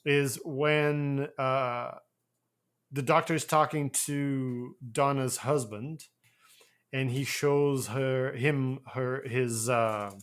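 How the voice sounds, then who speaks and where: A man's voice: medium pitch, steady tone, extremely slow, clean tone. Laid-back rambling male co-host. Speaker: podcast co-host. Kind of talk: casual chat.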